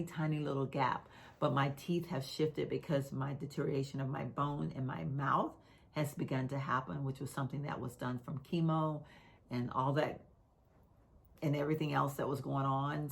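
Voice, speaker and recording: Her very deep voice carries vocal fry as this middle-aged woman with a Texan accent and a slight lisp chats to the camera. She addresses her vlog viewers casually, candidly and without hurry.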